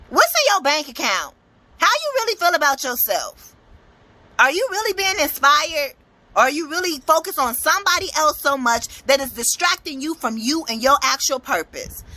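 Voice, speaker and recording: A woman's voice: high voice, bright, forceful tone. A young adult woman giving a blunt, profane, emphatic motivational tarot reading. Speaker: motivational speaker and tarot reader.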